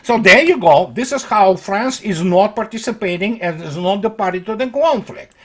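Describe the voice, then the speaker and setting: A man giving an unscripted political commentary monologue, sarcastic and mocking, halting often on fillers. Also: sits high, lively intonation, a bit bright.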